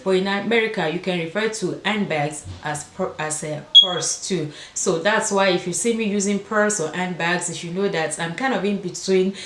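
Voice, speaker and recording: A woman with an African accent chatting to camera in a casual vlog, her voice sitting a little low. She repeats words for emphasis, and the room gives her voice a noticeable echo. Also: normal speed, hardly any pauses, background noise. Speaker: fashion vlogger.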